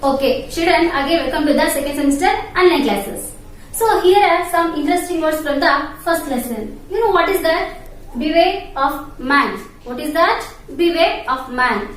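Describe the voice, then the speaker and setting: A woman with an Indian English accent teaching an online English class to young children, spelling each word letter by letter and repeating it. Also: sits high. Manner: slow, spells words letter by letter and repeats them. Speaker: primary school English teacher. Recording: echoey room, distant mic, faint noise.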